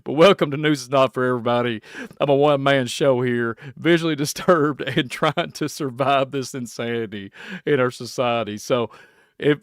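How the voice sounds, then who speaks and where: A man's voice: mid-range voice, steady tone, normal speed, clear, resonant tone, no room sound, studio quality. A man hosting a one-man reaction podcast, rambling in a folksy way and laughing often. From Kentucky. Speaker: podcast host. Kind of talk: reaction podcast, casual chat.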